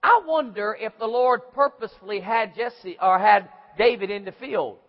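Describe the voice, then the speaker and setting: A man preaching a sermon, dramatic and acting out voices, rising to shouts. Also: high-pitched, moderate pace. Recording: muffled, hall reverb.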